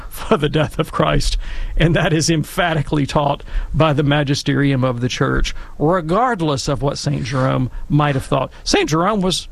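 Brief: gravelly man, slightly higher voice, animated storyteller. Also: moderate pace, no room sound. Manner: animated, emphatic, conversational. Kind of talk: casual storytelling and commentary.

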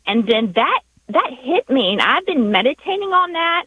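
A woman with a Southern US accent calling in to a radio show, speaking in a halting, heartfelt way with many restarts. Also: high voice, sing-song, breathy edge, no echo. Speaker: radio caller. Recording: dull phone line.

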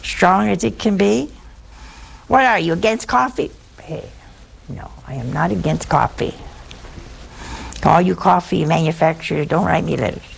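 A woman's voice: fairly low pitch, moderate pace, vocal fry, long pauses, slight background noise. A woman preaching a sermon in a folksy, humorous storytelling manner, acting out bits of dialogue.

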